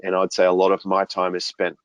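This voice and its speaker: Low deep guy chatting on a podcast, laid back, tells lots of little stories, dry close sound. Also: fairly quick, no room sound, poor audio. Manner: relaxed, storytelling with homely analogies. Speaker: business coach guest. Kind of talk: conversational podcast interview.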